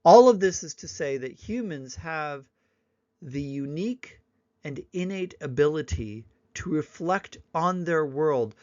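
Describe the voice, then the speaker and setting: A man giving a recorded slideshow lecture, unhurried and explanatory, sometimes acting out examples in little voices. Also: fairly high pitch, expressive, darkish tone, no room sound, muffled recording.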